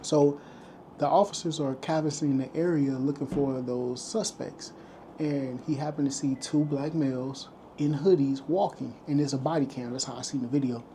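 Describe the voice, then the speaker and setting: A man's voice: medium pitch, steady tone, normal speed, warm tone, slight background noise. A man vlogging, casually retelling a story to camera and acting out the lines of the people in it. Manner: retells events loosely, acting out quoted lines.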